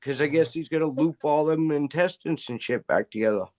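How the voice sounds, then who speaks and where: A man's voice: on the high side, a little fast, darkish tone. A middle-aged man in casual chat, telling rambling stories full of swearing. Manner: profane, rambling storyteller.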